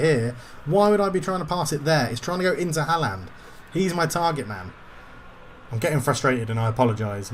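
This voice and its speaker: A man's voice: on the high side, a little hiss or hum. A man commentating his own football video game session, getting frustrated and swearing at the game. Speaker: gaming YouTuber.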